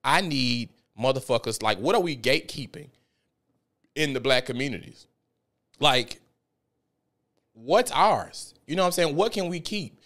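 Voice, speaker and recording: A young man from South Memphis with a Memphis Southern accent, hosting a podcast and telling stories in a loose, profane, animated way. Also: mid-range voice, unhurried, pauses often. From South Memphis, Tennessee. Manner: profane, animated storytelling with frequent laughs. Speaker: podcast host. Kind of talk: casual podcast monologue.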